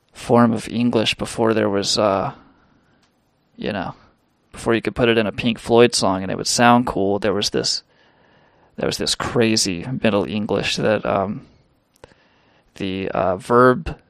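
Gravelly man telling crude rambling stories. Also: medium pitch, dry recording, studio quality. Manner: rambling, crude, profane and self-mocking. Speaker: podcast host. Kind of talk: casual comedic storytelling monologue.

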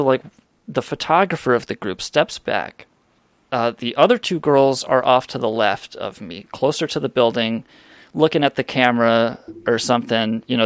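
A man's voice: medium pitch, no echo, clean studio sound. A man telling a rambling street story to his stream chat, swearing a lot and restarting his sentences. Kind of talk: casual storytelling, profane.

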